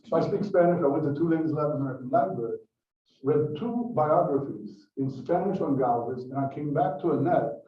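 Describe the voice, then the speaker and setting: A man's voice: mid-range voice, a little fast. Older guy from brazil giving a talk, chatty, lots of restarts, far from the mic in a big echoey room. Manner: chatty storytelling with repeated restarts. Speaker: guest speaker. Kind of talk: lecture to an audience. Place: lecture room. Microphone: microphone from some distance. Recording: roomy, distant, muffled room recording.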